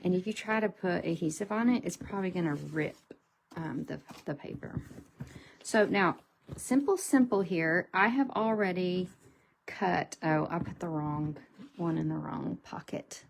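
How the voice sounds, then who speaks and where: Middle-aged lady doing a crafting tutorial, kinda gravelly, slow, faint hiss behind. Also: lowish voice. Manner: chatty, unhurried, thinks aloud while working. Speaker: card-making host.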